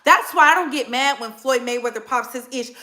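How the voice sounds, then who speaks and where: A woman with a high, bright voice delivers a heated commentary monologue. She speaks bluntly and hammers her points home by repeating phrases. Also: a little fast. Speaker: commentary channel host.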